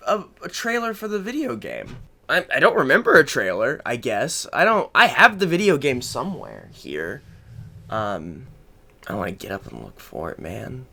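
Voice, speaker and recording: A man's voice: mid-range voice, big pitch swings, moderate pace, bright, forceful tone. A young man thinking aloud at home, giving off-the-cuff commentary that rambles with self-deprecating asides, recorded on a separate microphone. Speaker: commentary host. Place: at home in his room. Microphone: separate microphone synced to camera.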